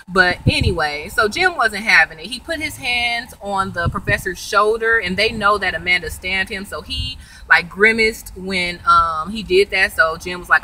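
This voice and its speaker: Chatty woman with a very bright voice. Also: mid-range voice, normal speed, a little hiss or hum, rough recording. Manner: chatty storytelling, acting out characters' lines with "like". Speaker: TV show reviewer. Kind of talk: casual episode recap.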